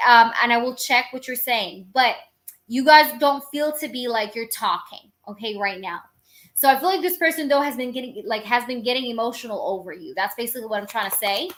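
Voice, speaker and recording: A woman's voice: on the high side, fairly bright tone. A woman reading tarot cards live for her viewers, talking in a chatty, rambling, informal way and cursing casually. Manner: rambling, with many filler phrases. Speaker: tarot reader.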